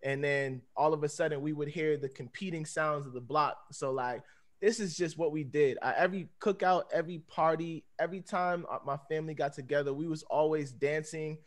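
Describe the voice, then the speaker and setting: A relaxed man in his thirties speaks in a voice pitched a little high for a man. His talk rambles loosely, full of fillers, and he laughs easily as he goes. He sounds like he is on a video call. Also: a little fast. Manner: laid-back, rambling, peppered with "you know what I'm saying"; laughs often while talking. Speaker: dancer on a panel. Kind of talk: casual panel talk.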